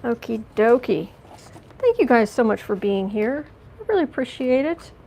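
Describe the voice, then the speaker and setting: A woman hosting a casual livestream from home, chatting with viewers and reading their questions in a relaxed, rambling way. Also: a little high, normal speed, slight background noise. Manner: chatty, coos baby talk to her cat between reading viewer questions. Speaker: tarot reader and livestream host.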